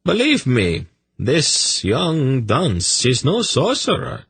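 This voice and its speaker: A man's voice: mid-range voice, huge pitch swings, takes it slowly, gravelly, fairly bright tone, husky, no room sound, pitched above the performer's own voice, full character voice. A male audiobook narrator voicing a scornful older male nobleman who speaks in a sarcastic, dismissive way. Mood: scornfully sarcastic. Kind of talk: audiobook character reading.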